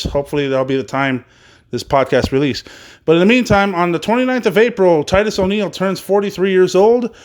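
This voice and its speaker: A man with a high voice hosts a solo wrestling podcast, reading the news casually and ramblingly. He uses many fillers and swears now and then.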